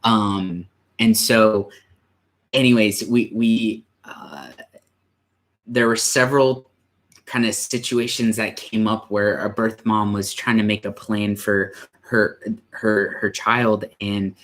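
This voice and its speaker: A young man with a fairly low voice tells a personal story slowly and unhurriedly. He speaks as a church youth pastor, stumbling and restarting often. At times he grows emotional and comes close to tears. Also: fairly even intonation, a bit bright. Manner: halting, with many restarts and fillers.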